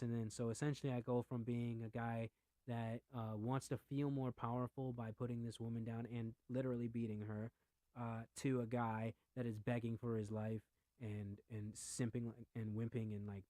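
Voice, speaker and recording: A young man rants casually on his podcast, cursing freely and veering between quiet mumbling and sudden loud outbursts. His voice sits at an ordinary middle pitch. The sound is dry and close, with almost no room around it. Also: moderate pace, dry recording. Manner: profane, excitable, swings from mutters to shouting. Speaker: podcast host. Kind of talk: casual rant.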